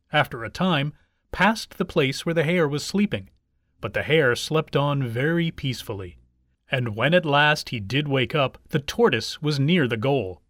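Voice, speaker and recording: A man narrating fables aloud in an expressive, animated storybook style. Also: fairly high pitch, no echo, studio quality. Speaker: reader.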